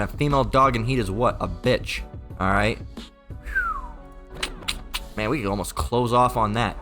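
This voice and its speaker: A low-voiced man preaches informally, rambling and emphatic, peppering his talk with profanity. He keeps checking in with repeated filler tags, and faint music plays behind him. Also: a bit bright. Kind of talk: informal online sermon.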